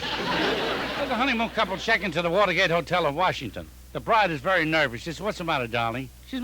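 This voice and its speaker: High-voiced man rattling off one-liners. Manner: rapid-fire deadpan joke telling. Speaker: comedian. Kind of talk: telephone joke line one-liners. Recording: noisy archival recording with clicks.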